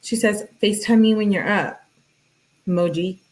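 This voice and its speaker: A woman with an ordinary middle-pitched voice reads text messages aloud in a relaxed, chatty way. She breaks off to comment and talk to her viewers between the lines. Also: normal speed, rough recording. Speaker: true crime commentator.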